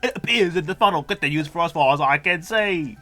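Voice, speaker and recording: A gamer putting on a squeaky, prim British-accented voice for a robot sidekick. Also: animated, fast, bright, forceful tone, soft background music. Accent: put-on British.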